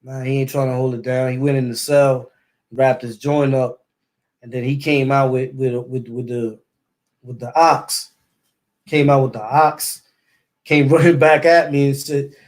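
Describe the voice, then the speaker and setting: A man's voice: medium pitch, a little mellow. Man with a New York accent telling a story. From East New York, Brooklyn. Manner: loose street slang, repeats words and sound effects. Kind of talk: casual storytelling.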